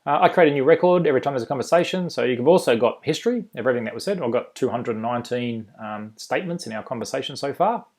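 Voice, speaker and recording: A man with an Australian accent giving an informal screen-share tutorial, full of ums and uhs and quick self-corrections. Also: mid-range voice, lively intonation, a little mellow. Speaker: software developer presenting a demo.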